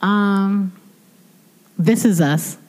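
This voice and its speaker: A woman co-hosting a podcast in casual chat, animated and quick to laugh as she gushes. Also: mid-range voice. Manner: animated, laughs often, gushes about favorite shows. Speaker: podcast co-host.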